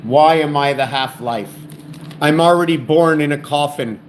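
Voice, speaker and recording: Talking solo into a home camera, a channel host lays out his word and number theories in a wandering, halting way. His voice is a little high and his pace moderate, and he often restarts words and thinks out loud over slight background noise.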